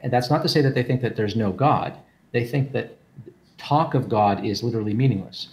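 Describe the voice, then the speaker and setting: A man's voice: mid-range voice, brisk. A man explaining philosophy in a casual group talk, thinking aloud with restarts and repeated words over an online call.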